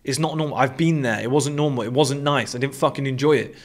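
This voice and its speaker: A man's voice: medium pitch, a little fast. A man giving a blunt, profane, emphatic monologue as host. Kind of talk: opinionated monologue.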